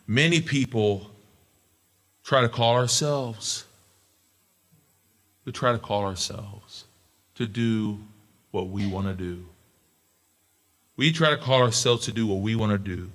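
Emphatic preaching man, lively pitch. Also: takes it slowly, long pauses. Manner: emphatic, repeats key phrases, swings from soft asides to loud exhortation. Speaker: pastor. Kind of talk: sermon and closing prayer.

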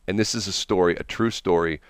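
An older man hosting a radio morning show, with a very low voice on a close, dry studio mic. He chats in a loose, rambling way, drifts into anecdotes and chuckles between thoughts. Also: fairly even intonation, fairly quick, smooth, dry recording. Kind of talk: casual on-air chat. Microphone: studio broadcast mic.

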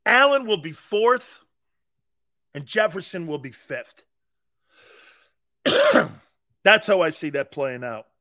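A man's voice: on the high side, very animated, slow pace, pauses often, bright, forceful tone. A man hosting a sports talk show, delivering a brash, opinionated monologue that rambles and repeats its points.

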